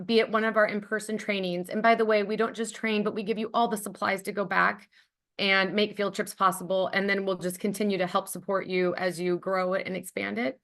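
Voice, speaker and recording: A woman's voice: mid-range voice, fairly bright tone. A woman presenting her charity's program on a webinar over a video call, talking in an enthusiastic, conversational way with frequent ums and likes.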